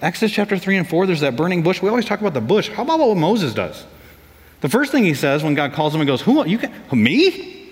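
Lively pastor preaching in a reverberant hall. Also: male voice, fast. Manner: animated, acts out quotes in higher voices. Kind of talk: sermon.

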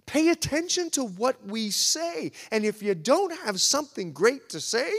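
A man's voice: sits high, fairly bright tone. A man preaching a sermon as pastor, emphatic and repetitive, swelling and dropping in intensity. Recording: echoey hall recording.

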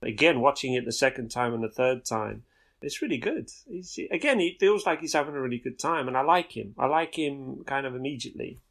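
A man's voice: medium pitch, expressive, a little fast, creaky, fairly bright tone. A man co-hosting a podcast, chatting casually about films and rambling with many restarts. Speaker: podcast co-host. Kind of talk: casual film chat.

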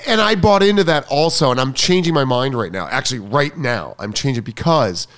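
A man's voice: mid-range voice, animated, a little fast, fairly bright tone. A man co-hosting a casual chat about tennis coaching, enthusiastic and emphatic, often repeating himself for stress.

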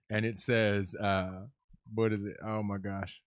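A man's voice: on the low side, little pitch movement, measured pace, no echo. A man co-hosting a podcast, telling a story in casual chat, blunt and profane. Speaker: podcast co-host.

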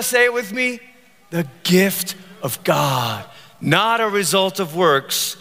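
A man preaching a sermon as pastor, animated and joking, acting out the voices he quotes. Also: high voice, in a large hall.

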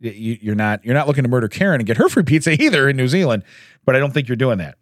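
Animated, chatty man hosting a podcast. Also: medium pitch, rapid-fire, dry recording, clean studio sound. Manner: lively, chatty, laughs and clears throat often. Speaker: podcast host. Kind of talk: casual chat, recounting news stories.

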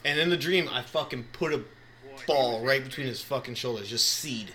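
A man's voice: mid-range voice, normal speed, a crowd in the background. A young man in casual podcast chat, telling rowdy stories with lots of swearing and laughter.

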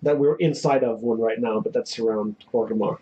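A chatty man plays a tabletop game with friends. His voice sits at a middle pitch. He laughs easily between lines. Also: a little fast, warm tone. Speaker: player. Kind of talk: casual tabletop play.

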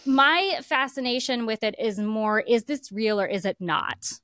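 A woman's voice: a little high, lively intonation, unhurried, fairly bright tone, no echo, studio quality. A woman co-hosting a casual podcast, earnest and rambling, talking with feeling. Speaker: podcast co-host. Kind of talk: casual chat.

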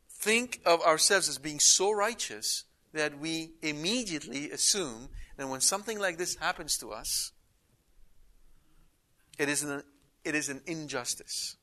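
A man's voice: fairly high pitch, bright, forceful tone. A man giving an emphatic Bible study lecture, reading scripture aloud with rising intensity. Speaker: Bible teacher.

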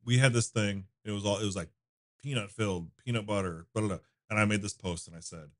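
A man with a very low, deep voice tells stories in a relaxed, rambling way. He is a shop owner talking as a podcast guest, restarting his sentences often. He sounds like a man in his thirties. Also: fast talker. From United States. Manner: loose storytelling with frequent fillers and restarts. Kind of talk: casual conversation.

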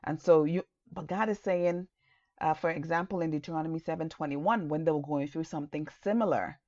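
A woman's voice: low voice, fairly quick, a little mellow, no room sound, highs cut off. A woman giving an earnest, encouraging sermon in a loose conversational way, with many fillers. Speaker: preacher.

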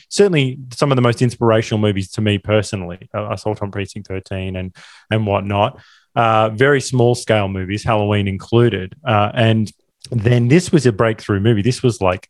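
A man's voice: lowish voice, darkish tone, dry recording, studio quality. A man co-hosting a film podcast, talking enthusiastically in a rambling way with frequent restarts. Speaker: podcast co-host. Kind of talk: casual film discussion.

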